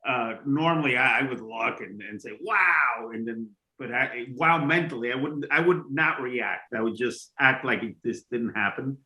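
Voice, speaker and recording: A man's voice: medium pitch, moderate pace, few pauses, bright, forceful tone, low-quality recording. A man co-hosting a casual talk, speaking hesitantly with frequent restarts. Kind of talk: casual chat.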